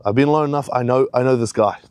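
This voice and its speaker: A man's voice: mid-range voice, racing, darkish tone, clear, resonant tone, no echo, studio quality. A young man giving a rambling, heavily profane pep talk in a casual vlog, a little out of breath. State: slightly out of breath. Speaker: fitness vlogger.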